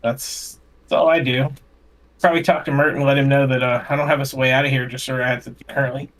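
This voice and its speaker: A man's voice: medium pitch, level tone, quick pace, fairly bright tone. Rambling man playing a tabletop game. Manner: rambling, restarts his sentences. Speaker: player. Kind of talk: casual in-character play.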